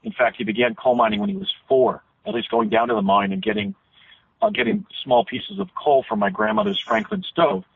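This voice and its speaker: A man's voice: high voice, animated, fairly quick, gravelly, husky, no room sound. A man guest on a radio interview, telling long rambling recollections with frequent restarts. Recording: tinny phone line.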